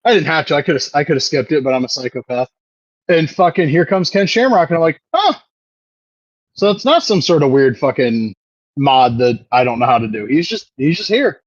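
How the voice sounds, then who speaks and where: A man's voice: on the high side, expressive, brisk, dry recording, lo-fi sound. Profane rambling man in his thirties. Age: 30s. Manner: rambling, profane, laughs often. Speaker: podcast co-host. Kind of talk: casual chat.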